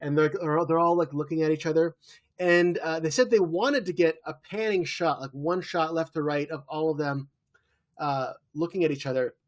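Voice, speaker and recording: Animated man in his thirties recapping. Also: a little high, normal speed. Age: 30s. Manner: lively storytelling, acting out quoted lines. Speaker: podcast co-host. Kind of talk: casual chat recapping a TV episode.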